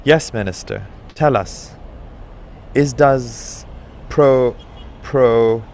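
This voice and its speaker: A man's voice: mid-range voice, a little mellow, a little hiss or hum. A man doing a shy young man stumbling over lines. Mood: halting. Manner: halting, stumbling over words.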